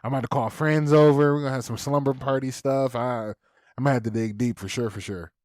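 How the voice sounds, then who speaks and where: Dry-sounding dad telling a story. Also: male voice, medium pitch, steady tone, brisk, no room sound. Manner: storytelling, acts out his kids and himself yelling. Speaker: podcast co-host. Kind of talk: casual chat.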